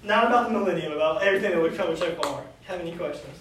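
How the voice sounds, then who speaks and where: A man's voice: a little high, racing, fairly bright tone. A man teaching a youth Bible study in a casual, conversational way, often asking the class questions. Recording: echoey room, distant mic, faint noise.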